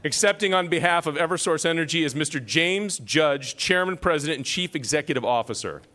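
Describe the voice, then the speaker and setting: A man's voice: fairly high pitch, lively intonation, fairly quick, pushed and bright, slight background noise. A man emceeing an awards ceremony, reading citations with self-deprecating joking asides.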